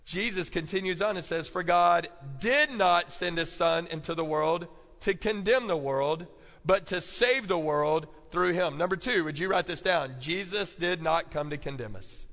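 A man's voice: sits high, fairly bright tone. A male pastor preaching a sermon, calling out to the congregation and repeating key points for them to write down. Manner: call-and-response preaching, repeating points for note-taking. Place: church. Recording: long church hall reverb.

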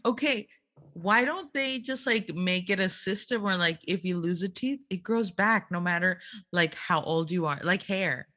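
A woman's voice: on the low side, sharp tone. A woman in her thirties chatting casually as a podcast co-host, laughing often and drawing out her words. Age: 30s. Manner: giggly, drawn-out, laughs often. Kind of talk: casual chat.

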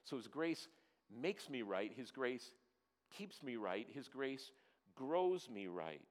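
A man pastor preaching a sermon to his church, asking the congregation questions and slowing down to stress key phrases. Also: mid-range voice. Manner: lively, asks the congregation questions.

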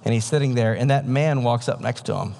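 A man's voice: mid-range voice, fairly quick, vocal fry, dark tone. A preacher telling a story in a casual, conversational sermon, acting out the voices of the people he quotes. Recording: long hall reverb.

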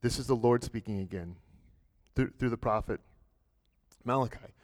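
A man's voice: medium pitch, moderate pace, a little mellow. A man preaching a sermon in a church, earnest and direct, often restarting and repeating words as he builds a point. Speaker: pastor.

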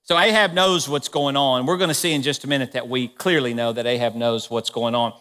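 A male pastor preaching a sermon in a church, conversational and animated as he retells a story, with the room echoing. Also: mid-range voice, a little fast, clear, resonant tone.

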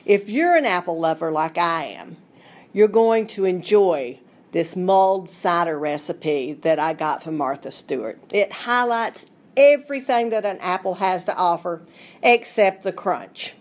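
A woman's voice: on the low side, measured pace. A middle-aged woman with a Southern Appalachian accent, a food writer presenting a recipe in a chatty, homespun, playful way. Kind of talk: scripted radio segment.

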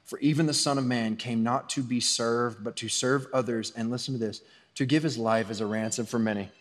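A man preaching a sermon as pastor, talking in a loose conversational way that swings between soft asides and raised emphasis. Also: medium pitch, fairly even intonation, a little fast. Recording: long hall reverb.

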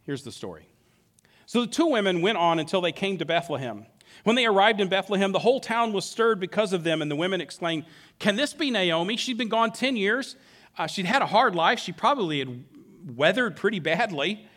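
A man preaching a sermon who acts out the characters' words in an animated way. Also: sits high, brisk. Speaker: pastor.

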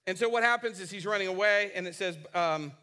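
Bright-voiced, animated male preacher. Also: sits high, quick pace, clean tone. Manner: animated storytelling, acting out characters' lines; casual, with fillers and restarts. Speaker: pastor. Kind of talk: sermon.

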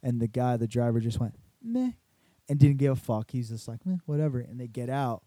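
A young man in casual chat, telling a story with lots of swearing and animated retelling. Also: medium pitch, a little fast, no echo.

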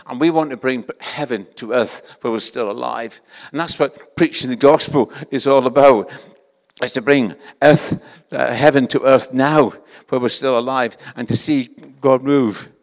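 A man's voice: mid-range voice, normal speed. Older Scottish man preaching in a hall. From Scotland. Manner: conversational, self-deprecating, with frequent restarts. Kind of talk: sermon.

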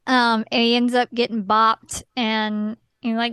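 Playful woman co-host with a higher voice. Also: little pitch movement, a little slow, hardly any pauses, fairly bright tone, clean tone, no room sound. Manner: playful, jokey interjections. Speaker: podcast co-host. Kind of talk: casual recap chat.

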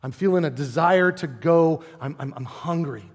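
In a church sanctuary with big-room sound, a pastor in his forties preaches in a conversational, playful way, often posing rhetorical questions to the congregation. His voice is on the high side at a moderate pace.

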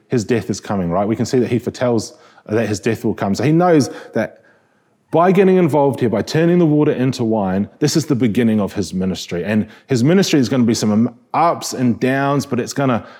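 A man's voice: mid-range voice, mellow, slightly rough. A man with a New Zealand accent preaching a sermon in a conversational way, often restarting phrases and asking rhetorical questions.

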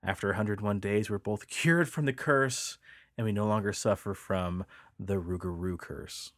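Low-voiced man telling folklore. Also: moderate pace, dry recording, studio quality. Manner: laid-back, rambling with fillers. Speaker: podcast co-host. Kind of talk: casual storytelling chat.

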